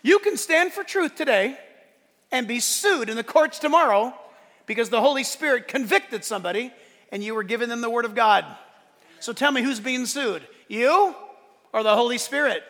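Delivering a sermon at a moderate pace, a pastor preaches in a lively, animated way, briefly performing the voices of those he quotes. His very high voice rings bright and forceful, carrying through a large hall with a long, trailing reverb.

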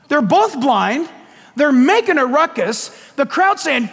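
High-voiced, lively preaching man. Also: takes it slowly, in a large hall. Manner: animated preaching, acting out Bible scenes with laughs and shouts. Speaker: pastor. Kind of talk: sermon.

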